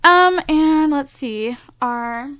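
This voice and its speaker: A woman's voice: high-pitched, very slow, a bit bright. A woman hosting a casual let's-play, chatting to her viewers and teasing the game characters, with lots of filler words. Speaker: gameplay video host.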